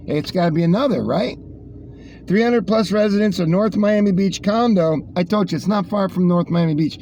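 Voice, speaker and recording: A man's voice: on the high side, dark tone, highs cut off, a little hiss or hum. A man hosting a casual news rundown, rambling with sarcastic asides. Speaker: host reading the news.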